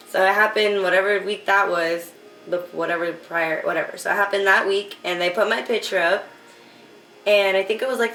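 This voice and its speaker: A woman's voice: medium pitch, recorded from a distance, slight background noise. A young woman telling candid stories as an interview guest, laughing often and filling her talk with "like". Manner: laughs often, fills with "like", drops to a hush for quoted lines. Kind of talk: candid casual storytelling. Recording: roomy echo, off-mic.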